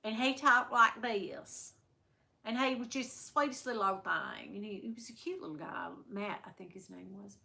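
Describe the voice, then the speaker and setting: Chatty Southern woman, bright voice. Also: a little high, expressive, normal speed, gravelly. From American South. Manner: chatty, rambling, many restarts. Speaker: livestream host. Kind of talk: casual chat with live viewers.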